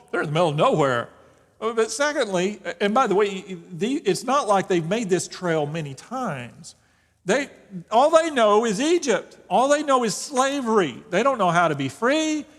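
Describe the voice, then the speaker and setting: High-voiced preacher in a reverberant hall. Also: male voice. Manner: conversational, joking, with frequent restarts. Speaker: pastor leading Bible study. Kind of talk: casual Bible study teaching. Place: church sanctuary. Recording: long reverb in a church hall.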